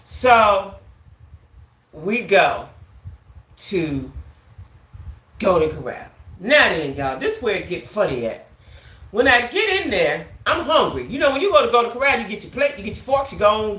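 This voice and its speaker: Speaking to her audience in an echoing room, this vlogger recounts a story with lively, casual energy and a bright, forward tone. Her voice is mid-range, and she often checks in by tossing in "right?".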